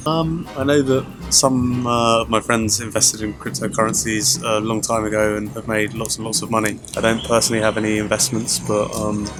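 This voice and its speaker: A man's voice: on the low side, level tone, moderate pace, hardly any pauses. A man answering a street interview, thoughtful and hesitant. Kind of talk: vox pop answer. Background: music.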